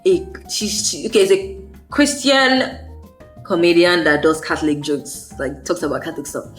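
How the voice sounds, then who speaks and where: Young woman, lowish voice, rambling, slangy faith vlog chatter, faint music underneath. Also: normal speed. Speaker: faith vlogger. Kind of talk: casual faith vlog monologue.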